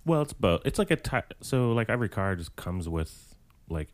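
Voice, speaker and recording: A man's voice: on the low side, very animated, moderate pace, no room sound. A man co-hosting a podcast, chatting casually, teasing and explaining things to the others. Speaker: podcast co-host. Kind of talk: casual movie recap chat.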